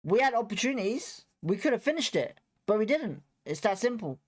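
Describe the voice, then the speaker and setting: A man's voice: high-pitched, sing-song, brisk. A young man, hosting a football watchalong and ranting after the match in a blunt, repetitive, frustrated way full of swearing. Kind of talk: heated post-match fan rant.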